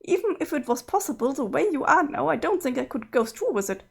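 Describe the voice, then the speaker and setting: A woman's voice: high-pitched, sing-song, fast, gravelly, full character voice. A woman reading a webcomic aloud, voicing a guilty young woman who apologizes and then pleads with her weeping other self. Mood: coaxing.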